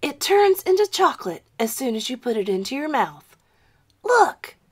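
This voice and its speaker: Storybook kid: woman playing a pleased, reasonable boy, raised pitch, unhurried. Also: wildly swooping pitch, fairly bright tone, no room sound, exaggerated voice. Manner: reasonable, contented. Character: calm schoolboy who eats chocolate, boy.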